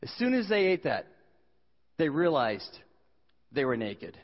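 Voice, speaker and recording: Lively, high-voiced preacher telling funny stories. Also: male voice, a little slow. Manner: animated, joking storytelling. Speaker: pastor. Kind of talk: sermon. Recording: dull sound in a reverberant hall.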